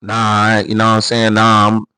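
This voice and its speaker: A man doing a brash, dismissive guy who brushes off advice with scoffs and curses. The voice is pitched up and stumbles over its words. It sounds close and dry. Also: completely flat delivery, moderate pace, bright, forceful tone, clean tone, no room sound, rough recording. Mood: scoffing. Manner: scoffing and cursing, stammering.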